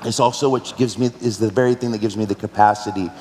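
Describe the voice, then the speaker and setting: A man's voice: fairly low pitch, fairly even intonation, quick pace, a little mellow, a little hiss or hum. Male pastor, earnest, personal sermon delivery, preaching in a big roomy church with long reverb. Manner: earnest, personal storytelling with rhetorical questions. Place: large church hall.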